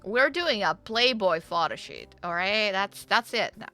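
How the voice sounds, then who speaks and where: A woman's voice: medium pitch, animated, unhurried, pushed and bright, soft background music. A woman chatting casually on her livestream, joking and teasing herself as she plays. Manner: chatty, jokey, self-deprecating. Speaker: streamer.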